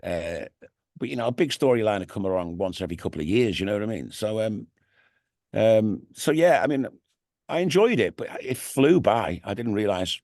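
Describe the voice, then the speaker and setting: A middle-aged man with a Liverpool accent chatting loosely in an interview. His voice sits fairly low and he rambles, leaning on "you know what I mean" again and again. The sound is close and dry, with no room around it. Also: very animated, normal speed, darkish tone, no room sound. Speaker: radio DJ and TV presenter, interview guest. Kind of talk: casual interview chat. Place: radio studio.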